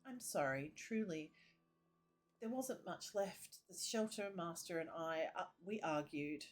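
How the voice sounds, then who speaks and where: A soft-spoken male priest with a gentle, lilting voice, as a woman reads his game lines aloud. He speaks in a lowish register at an unhurried, measured pace. The delivery is kind and calm. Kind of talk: reading game dialogue aloud.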